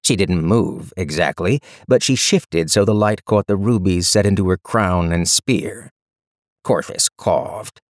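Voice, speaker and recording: Low-voiced male audiobook narrator. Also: a little slow, no room sound, clean studio sound.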